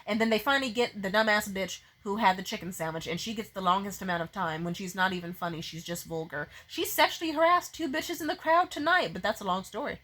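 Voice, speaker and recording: A young woman venting to her camera in a fast, profane, exasperated rant, often stopping and restarting her sentences. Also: mid-range voice, bright, forceful tone, poor audio. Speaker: vlogger. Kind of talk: profane ranting vent. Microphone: facing a camera.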